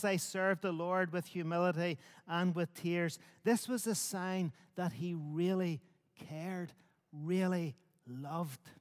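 A man preaching a sermon in measured, emphatic phrases built on repetition. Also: high-pitched, in a large hall. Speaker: pastor.

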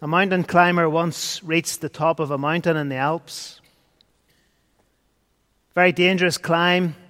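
A man preaching a sermon, earnest, swinging between loud and hushed. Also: fairly high pitch, steady tone, a little slow. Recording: long hall reverb.

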